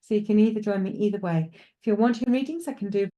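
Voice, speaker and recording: A woman's voice: medium pitch, quick pace, dark tone. A woman with a Welsh accent presenting live psychic readings, talking reassuringly and chattily to a caller.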